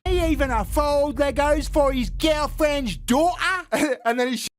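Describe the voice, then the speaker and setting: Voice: high-pitched, unhurried, slight background noise. A creator telling a gossipy story in a casual commentary video, amused and laughing often. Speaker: video creator being reacted to.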